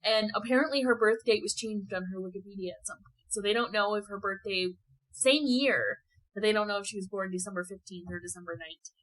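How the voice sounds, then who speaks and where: A woman's voice: mid-range voice, fast, fairly bright tone, low-quality recording. A woman co-hosting a casual podcast chat, chatty and blunt, laughing often and swearing. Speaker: podcast co-host.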